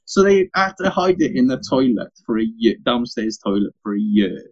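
A man's voice: medium pitch, moderate pace, lo-fi sound. A young father, telling stories in a casual podcast chat, swearing freely. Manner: sweary, animated anecdote teller.

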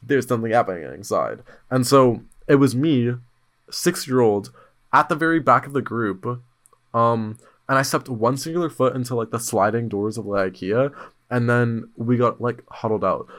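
A man chatting as a podcast host, telling his stories bluntly and full of slang. His voice sits at an ordinary pitch for a man but leaps up when he gets excited. The delivery is casual and animated. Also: normal speed. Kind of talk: casual chat storytelling.

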